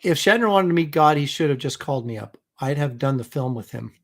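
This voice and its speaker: A man's voice: a little high, lively intonation, quick pace. Rambling middle-aged man chatting casually. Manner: rambling, self-mocking, many fillers and restarts. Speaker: host of a live comic art stream.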